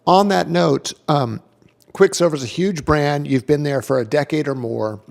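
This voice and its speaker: A man's voice: on the high side, normal speed, gravelly. A man hosting an interview, reflective and searching for his words as he sets up the next question. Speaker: podcast host.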